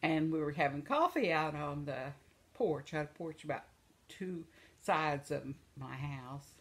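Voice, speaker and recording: A woman's voice: deep voice, expressive, unhurried. An older woman telling funny stories in a rambling, casual way, often breaking into laughter and circling back with asides. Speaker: vlogger. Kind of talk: casual storytelling.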